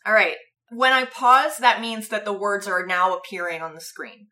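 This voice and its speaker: A woman co-hosts a casual movie-review podcast, picking apart a film with animated sarcasm and frequent laughter. Her voice is bright and clear at an ordinary pitch. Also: moderate pace. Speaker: podcast co-host.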